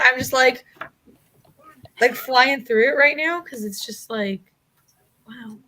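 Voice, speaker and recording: A young woman from Canada chatting on a video call, telling stories in an animated way with lots of "like". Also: high voice, slow, long pauses, slight background noise, poor audio. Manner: animated storyteller, heavy "like" fillers. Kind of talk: casual chat on a group call.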